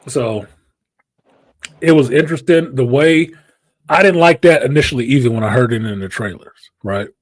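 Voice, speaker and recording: A man hosting a casual pop-culture chat, animated and profane, with a husky voice. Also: medium pitch, no room sound. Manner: animated, profane, puts on voices when quoting. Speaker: podcast host.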